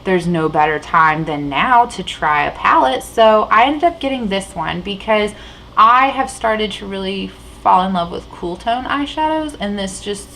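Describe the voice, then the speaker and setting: A woman's voice: mid-range voice, animated, measured pace, creaky, fairly bright tone, slight background noise, poor audio. A woman vlogging about beauty products in a rambling, chatty way, full of fillers and restarts, while sitting at a table indoors. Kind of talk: casual chat.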